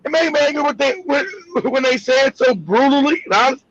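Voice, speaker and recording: A man's voice: very high-pitched, animated, a little fast, a bit bright, no room sound, highs cut off. A man hosting a livestream, delivering heated, profane commentary with emphatic repetition. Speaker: livestream host.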